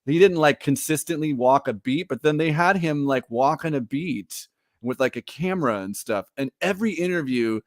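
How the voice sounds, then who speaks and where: Guy cohosting a chat show, super lively voice, laughs a lot, dry close mic. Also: fairly high pitch, moderate pace, dry recording. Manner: animated, laughs often, slips into mock voices. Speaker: podcast co-host. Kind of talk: casual chat.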